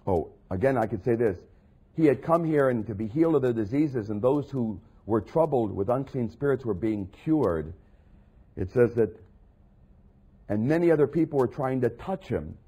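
Husky man preaching with dramatic swings. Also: medium pitch, lively intonation, normal speed. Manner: dramatic, swings from quiet asides to loud acted quotes of Jesus. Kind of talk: sermon.

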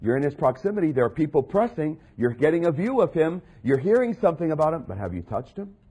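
Husky man preaching with dramatic swings. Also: a little high, very animated, fast. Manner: dramatic, swings from quiet asides to loud acted quotes of Jesus. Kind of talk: sermon.

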